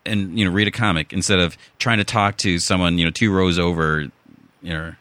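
Low, bright-voiced man with a Chicago accent. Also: steady tone, a little fast, no room sound. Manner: rambling, many restarts and fillers. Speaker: podcast host. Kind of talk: casual chat.

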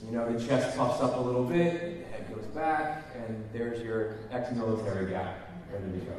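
A man on a convention panel, talking in a relaxed, easygoing way and explaining at length. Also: medium pitch, moderate pace, slight background noise. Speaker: panel guest actor. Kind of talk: casual convention panel talk. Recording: echoey hall, mic from far off.

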